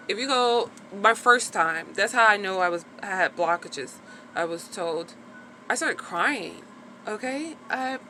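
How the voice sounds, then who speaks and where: A woman's voice: medium pitch, background noise. A woman talking frankly in a casual personal vlog, chatty and full of "like" fillers, with the odd swear word. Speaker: vlogger sharing her recovery after birth.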